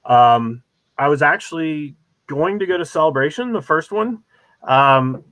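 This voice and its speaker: A man as a guest on a show, telling rambling, animated stories full of ums and uhs. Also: a little high, a little slow, no room sound. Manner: rambling, many fillers, animated storytelling. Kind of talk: casual chat, anecdotes.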